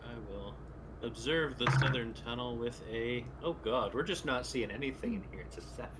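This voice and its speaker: Male tabletop player, mid-pitched and dry-humored, steady noise in the background. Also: normal speed. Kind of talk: playing a tabletop game.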